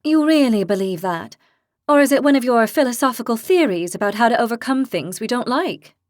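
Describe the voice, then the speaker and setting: A woman's voice: fairly high pitch, lively intonation, a little fast, dry recording, clean studio sound, lightly acted. A woman voicing a hot-tempered young horned woman who speaks bluntly and sarcastically. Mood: exasperated.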